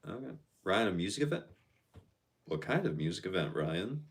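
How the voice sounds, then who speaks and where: A man's voice: deep voice, big pitch swings, moderate pace. A man casually chatting on a live stream, reading out viewer comments and answering them in a laid-back, slangy way.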